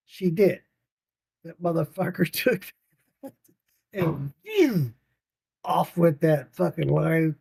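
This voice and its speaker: A man's voice: fairly high pitch, lively intonation, extremely slow, gravelly, pauses often, dark tone, husky, no room sound. An older man telling a rambling, profane story about his grandchildren, laughing often. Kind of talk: casual storytelling.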